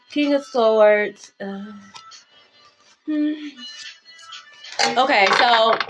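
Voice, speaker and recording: Brash, profane high-voiced woman tarot reader. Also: a bit bright. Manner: brash, profane, sings along and shifts pitch playfully. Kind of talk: casual tarot reading monologue.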